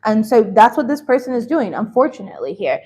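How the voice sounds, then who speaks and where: A woman's voice: a little high, very animated, fairly quick, darkish tone, low-quality recording. A young adult woman giving a casual tarot reading, blunt and laughing often, swearing freely. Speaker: tarot reader.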